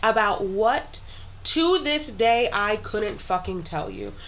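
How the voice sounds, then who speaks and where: A woman's voice: mid-range voice, big pitch swings, takes it slowly, fairly bright tone. A pregnant young woman co-hosting a casual podcast chat, telling stories with lots of swearing and laughter. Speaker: podcast co-host.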